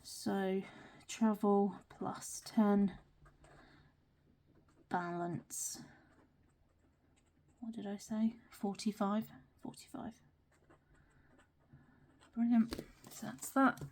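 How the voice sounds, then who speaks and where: A woman's voice: mid-range voice, little pitch movement, very slow, pauses often, darkish tone. A young British woman chatting casually while counting cash into budget envelopes, often murmuring numbers under her breath. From Britain. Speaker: budgeting vlogger.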